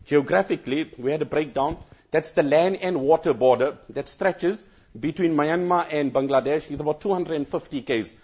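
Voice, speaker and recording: Earnest male cleric, high-pitched voice, dull lo-fi sound, recounting an emotional scene. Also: normal speed, darkish tone, husky. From South Africa. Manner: earnest, repeats phrases, breaks into chanted Quran recitation. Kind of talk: emotional first-hand recounting talk.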